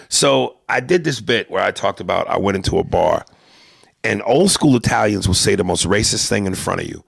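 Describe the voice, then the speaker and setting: Gravelly animated male comedian. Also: lowish voice, a little fast, no room sound, studio quality. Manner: animated, profane, riffing. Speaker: podcast host, comedian. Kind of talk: casual comedic podcast chat.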